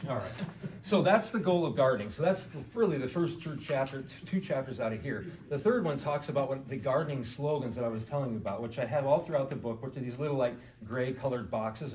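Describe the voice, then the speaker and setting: A man gives a relaxed talk to a live audience, tossing questions to the room and padding his points with "you know". His mid-pitched voice sounds distant, caught by a mic well away from him. The hall echoes around him over a faint hiss. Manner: conversational, quizzes the audience, many "you know"s. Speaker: garden club speaker and author. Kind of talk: casual lecture to a live audience. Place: indoor meeting hall with audience. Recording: echoey hall recorded from far off.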